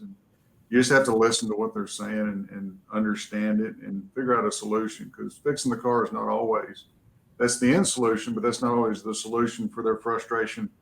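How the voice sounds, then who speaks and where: Flat, low-voiced man on a panel. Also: gravelly, low-quality recording. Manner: earnest, repeating his point. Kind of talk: panel discussion.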